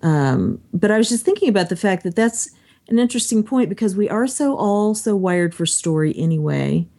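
A woman co-hosting a casual discussion podcast, chatty and lively when she quotes other people. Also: mid-range voice, normal speed. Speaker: podcast co-host.

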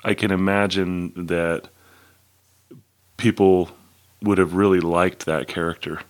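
A man in a casual book discussion, speaking in a measured, slightly hesitant way and reading out facts he looked up. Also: low-pitched, steady tone. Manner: measured, reads out dates he looked up, hesitant fillers.

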